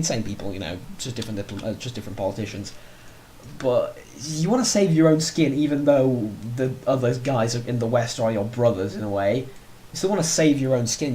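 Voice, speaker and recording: A man's voice: medium pitch, dark tone, a little hiss or hum. A man hosting a let's play, giving casual, rambling commentary on his strategy game and often correcting himself mid-sentence. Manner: rambling, chatty, self-correcting.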